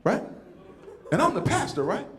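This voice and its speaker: A man performing stand-up with a high, lively voice that swoops up and down. He jokes as a comedian and pastor and keeps checking in with the crowd. The sound is echoey, as if from a big room. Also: normal speed. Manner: animated, teasing the audience with repeated "right?".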